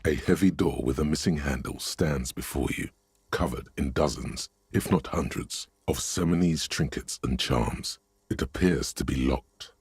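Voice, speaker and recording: An actor playing a brooding, ominous male game narrator with a gravelly, husky voice and measured delivery. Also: a bass voice, a little mellow, dry recording, heavily acted. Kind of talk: video game voice acting.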